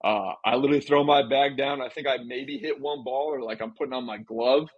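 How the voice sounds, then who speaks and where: A man's voice: mid-range voice, a little fast, husky, no echo, muffled recording. A man co-hosting a podcast, telling stories in a laid-back, chatty way. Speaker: podcast co-host. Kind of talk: casual chat.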